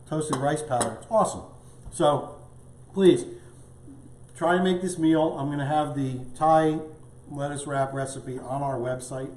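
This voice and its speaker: A man's voice: fairly high pitch, darkish tone, reverberant, a little hiss or hum. A man hosting a live cooking show as the chef, upbeat and chatty, tasting and talking as he goes. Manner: upbeat, chatty, talks with mouth full at times. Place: home studio kitchen.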